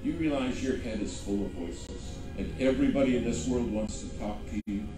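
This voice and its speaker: A man's voice: medium pitch, moderate pace. A male pastor preaching a sermon, telling a story dramatically and repeating key words for emphasis. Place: large echoey church sanctuary. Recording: very echoey hall from a distance, music underneath. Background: soft background music.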